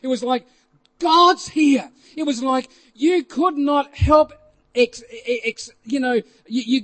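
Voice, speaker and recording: Male preacher with a high voice, animated storytelling testimony with filler-heavy narration. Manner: animated, rising to loud exclamations, many fillers.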